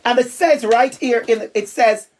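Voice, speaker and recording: A woman speaking emphatically to students, building long repeated lists and slowing down to read aloud. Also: a little high, darkish tone. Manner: emphatic, repetitive listing, slows for reading aloud. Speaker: guest speaker reading to students. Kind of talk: expressive talk and read-aloud. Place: school event.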